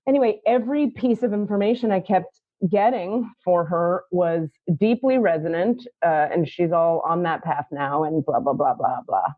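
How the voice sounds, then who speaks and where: A woman hosting a podcast, telling spiritual stories in an excitable way and acting out quotes in high squeaky voices. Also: normal speed, no echo, phone-quality sound. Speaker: podcast host and spiritual teacher. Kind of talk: animated casual chat.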